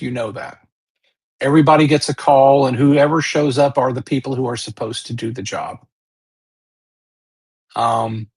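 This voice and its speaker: Slow husky game master narrating. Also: medium pitch, a little mellow. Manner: slow, measured scene-setting with check-in questions.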